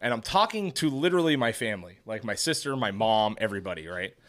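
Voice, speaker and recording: A middle-aged man hosting a podcast, telling a story in casual chat with lots of swearing and lively energy. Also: fairly low pitch, fast talker. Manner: profane, animated storyteller. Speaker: podcast host.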